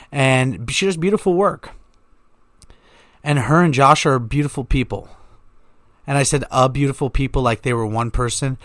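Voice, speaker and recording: Male podcast host, mid-pitched, profane comic rambler, dry close recording. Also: fairly bright tone, no echo. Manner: joking, profane, goes off on tangents. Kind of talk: rambling comedic monologue.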